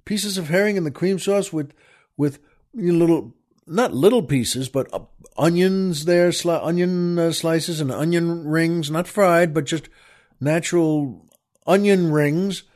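A man hosting a radio show, telling a long rambling story straight to his listeners and often pausing and restarting mid-sentence. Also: on the high side, a little mellow. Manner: rambling, digressive, with frequent pauses and restarts; addresses listeners directly. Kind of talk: storytelling monologue.

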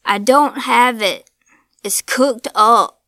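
A woman voicing a gruff, desperate old backwoods man in a spoken ghost story, shouting his lines. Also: lowish voice, level tone, slow pace, dry recording, studio quality. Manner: shouting, agitated.

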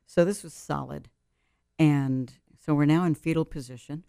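A woman's voice: sits low, fairly even intonation, normal speed, vocal fry, mellow, smooth, no echo, studio quality. A middle-aged woman telling a personal story as an interview guest, earnest and vivid, building tension through repetition.

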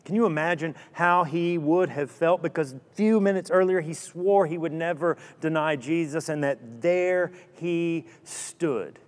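A man preaching a sermon, telling a story dramatically with rhetorical questions and sudden drops to a hush. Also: fairly high pitch, a little slow, hardly any pauses. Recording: long hall reverb.

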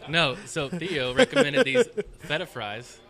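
A man's voice: a little high, a little slow. A man co-hosting a podcast, joking and chatting casually. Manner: animated, joking. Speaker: podcast co-host. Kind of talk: casual chat.

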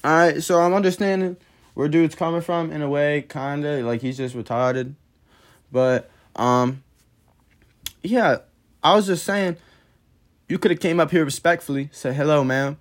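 A man's voice: a little high, fairly even intonation, unhurried, long pauses. A man hosting a podcast, telling a story in a blunt, profane, heated way. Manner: blunt, profane, heated retelling of a work dispute. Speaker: podcast host. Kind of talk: casual storytelling monologue.

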